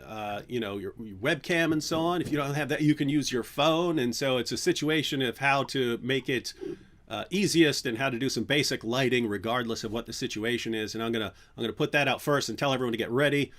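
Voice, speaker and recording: A man hosting a livestream, chatting casually in an animated, playful way and often restarting his sentences. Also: mid-range voice, a little fast. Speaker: channel host.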